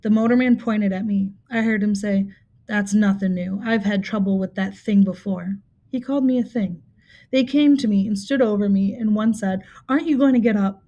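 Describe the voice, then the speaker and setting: A woman reading a nonfiction book aloud in a steady, measured storytelling manner, with occasional small slips. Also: medium pitch, muffled recording. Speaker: reader.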